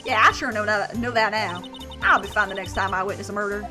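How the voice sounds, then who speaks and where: A woman's voice: mid-range voice, fast, lightly acted. A woman voicing a scheming Southern woman photographer in a video game, with a put-on Southern drawl and folksy, dealmaking talk. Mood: sheepish. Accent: put-on American Southern. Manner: folksy drawl, wheeling and dealing. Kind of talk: reading a video game aloud. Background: game music.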